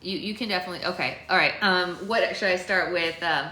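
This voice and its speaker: A woman hosting a book club livestream in casual chat, playful and quick to laugh, recorded in a room at home. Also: fairly low pitch, pushed and bright. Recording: echoey room with faint noise.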